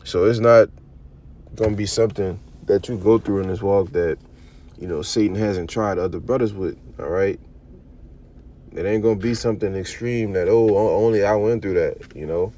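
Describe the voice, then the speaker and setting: A man's voice: on the low side, normal speed, dark tone, a little hiss or hum. A man teaching a casual bible study, talking in a loose, conversational way full of "all right" and "you know," and reading verses aloud with emphasis. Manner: reads scripture aloud with emphasis.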